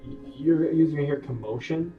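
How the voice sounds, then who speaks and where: A man narrating as game master of a tabletop game in a relaxed, conversational way, recorded from a distant mic in a roomy space. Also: on the high side, fairly quick, phone-quality sound, soft background music. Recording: roomy, distant mic, faint background noise.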